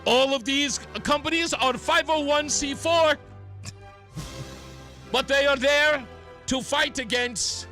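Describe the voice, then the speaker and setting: A man putting on a gloating Soviet-style announcer with a thick Russian accent, high and bright, swooping up and down. He drawls each phrase out slowly, mocking and theatrical, in a dry close radio sound. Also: heavily acted. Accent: put-on Russian accent. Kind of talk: talk radio parody bit.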